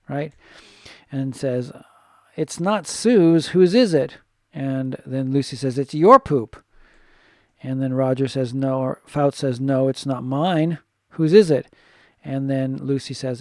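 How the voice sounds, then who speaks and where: A man's voice: medium pitch, warm tone, no room sound, studio quality. A man teaching a casual recorded lesson, thinking aloud and correcting himself as he goes. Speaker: English teacher.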